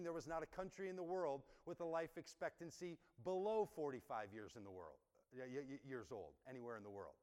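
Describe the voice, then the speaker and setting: A man's voice: on the high side, a little mellow. Man preaching a sermon in a reverberant hall. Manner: conversational, emphatic preaching with rhetorical questions. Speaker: pastor.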